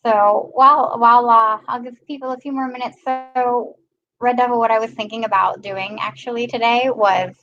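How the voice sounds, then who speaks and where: A woman's voice: on the high side, steady tone, moderate pace, a bit bright, dull audio. A woman hosting a casual live stream, chatting and greeting viewers by name. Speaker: live-stream host filling in.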